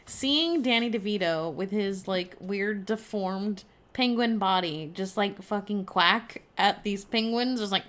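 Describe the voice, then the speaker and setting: A woman's voice: mid-range voice, a little slow, few pauses, fairly bright tone. A woman in casual chat, making emphatic, profane comments.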